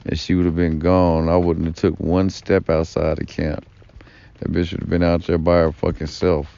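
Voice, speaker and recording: A man's voice: deep voice, flat delivery, moderate pace, creaky, dark tone. A man telling a long personal story in a rambling, profane vlog monologue, full of fillers and asides. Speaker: vlogger. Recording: dull lo-fi recording.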